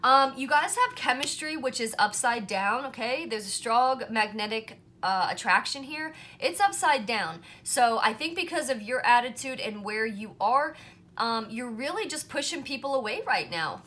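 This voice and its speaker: A woman's voice: on the high side, animated, normal speed, bright, forceful tone. A woman doing a casual pick-a-card tarot reading to camera, chatty and reassuring, often checking in with "right?" and "you know". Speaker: tarot reader.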